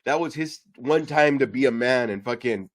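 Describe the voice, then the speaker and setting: A man's voice: mid-range voice, no echo. Male co-host, blunt, profane, dry close recording. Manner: blunt, swearing, quick asides. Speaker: podcast co-host. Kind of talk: casual chat.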